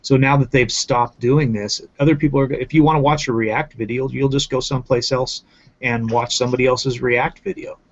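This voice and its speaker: A man's voice: mid-range voice, fairly even intonation, brisk. A man ranting in casual commentary, swearing often and repeating himself for emphasis. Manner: profane, emphatic, repetitive ranting. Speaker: channel host. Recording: muffled lo-fi audio.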